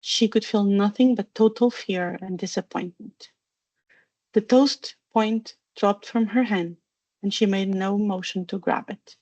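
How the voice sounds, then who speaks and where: A woman reads a storybook aloud in an even, unhurried way at a middle pitch. The sound is dull and slightly muffled, dry with no room echo. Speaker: narrator. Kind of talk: storybook reading. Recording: dull, dry narration recording.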